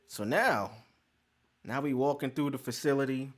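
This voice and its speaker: A man's voice: medium pitch, normal speed. A man hosting a podcast, telling a story in casual, profane slang and acting out the scenes. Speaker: podcast host.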